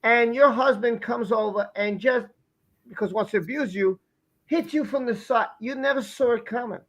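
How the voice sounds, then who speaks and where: A man's voice: extremely high pitch, normal speed, fairly bright tone. A man hosting a live stream, asking rhetorical questions in a repetitive, casual way.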